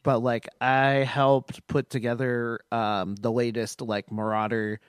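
A man in casual chat, speaking haltingly with many restarts and fillers. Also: medium pitch, level tone, clean tone, no room sound, studio quality.

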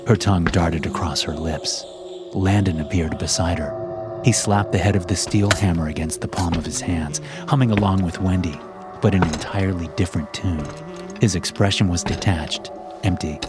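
Man, very deep voice, dramatic horror narration, music playing underneath. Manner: dramatic, tense, builds suspense. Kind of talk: first-person horror story narration. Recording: narration over background music.

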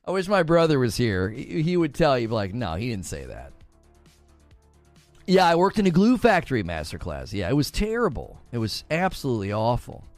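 Animated man in his forties, lively pitch. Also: brisk, hardly any pauses, dry recording, faint music behind. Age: 40s. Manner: animated, laughing storyteller. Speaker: livestreamer. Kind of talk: casual livestream chat with viewers.

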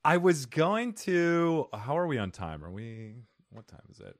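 A man's voice: on the high side, very animated, a little slow, dry recording, clean studio sound. A man hosting a podcast, upbeat and rambling, laughing often with his guest. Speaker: podcast host. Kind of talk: casual podcast chat.

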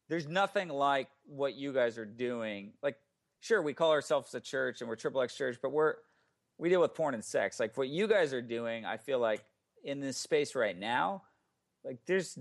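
A man talks as a podcast guest in a loose, casual way, circling his point with plenty of "like" and false starts. His pitch sits in the middle of the male range. The tone is relaxed and conversational. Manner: rambling, lots of "like" and restarts. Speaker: podcast guest, ministry founder.

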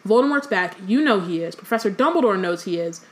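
A woman's voice: mid-range voice, expressive, fast talker, lightly acted. A woman reading aloud as an angry, defiant teenage boy. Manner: defiant, shouting.

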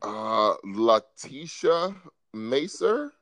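A male podcast host in loose, joking chat. He speaks slowly, with a pitch that swings widely, and laughs often. The sound is dry and close to the mic. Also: dry recording. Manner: animated, laughs often, jumps high when excited.

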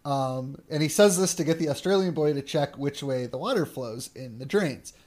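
Guy hosting a podcast, kinda high voice, chatty, laughs a lot. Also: animated, normal speed, darkish tone. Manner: chatty storyteller, laughs often. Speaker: podcast host. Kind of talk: casual chat, recapping a cartoon episode.

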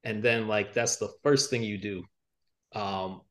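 A young adult man, an author guest on a podcast, talking in a reflective, halting way with many fillers and restarts. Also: fairly low pitch, fairly even intonation, fairly bright tone. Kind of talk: reflective interview talk. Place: podcast studio.

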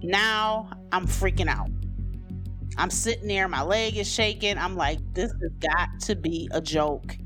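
A woman's voice: on the low side, measured pace, music in the background. Candid woman telling her own story. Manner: candid, loose and conversational, many "you know" and "like" fillers. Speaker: person sharing her own life story. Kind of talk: personal storytelling, unscripted.

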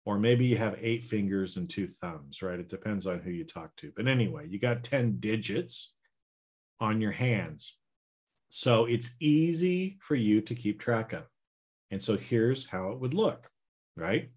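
A man with a lowish, expressive voice and a breathy edge hosts a self-help podcast as a healing coach. He speaks slowly in a folksy, plain-spoken style, repeatedly checking in with listeners by asking "right?" and "okay?".

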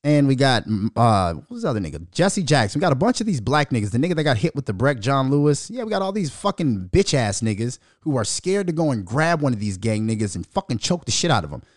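A man's voice: mid-range voice, very animated, quick pace, few pauses, no echo, studio quality. Fiery, profane male podcast host. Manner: aggressive, profane and venomous. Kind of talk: heated podcast rant.

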